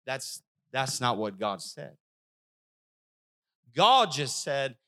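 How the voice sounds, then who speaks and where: A young man preaching a sermon as pastor, lively and acting out voices now and then. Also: medium pitch, very slow, long pauses. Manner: animated, acts out voices of God and worshippers.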